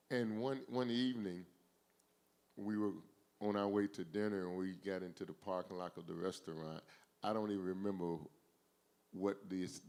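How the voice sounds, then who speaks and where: A man's voice: low-pitched, fairly even intonation, normal speed, darkish tone. A man hosting a talk, earnestly telling a personal story in a reflective way.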